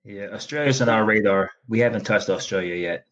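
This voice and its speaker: A man's voice: fairly low pitch, fairly quick, a bit bright. A man hosting a podcast, chatting casually with playful, joking banter. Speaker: podcast host. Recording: dull, muffled sound.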